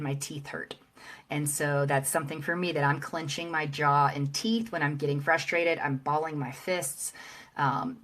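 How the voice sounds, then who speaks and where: Woman, very low pitch, interview guest, parenting coach, halting, filler-heavy, calm. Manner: halting, many fillers and restarts, calm explaining. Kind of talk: casual interview talk.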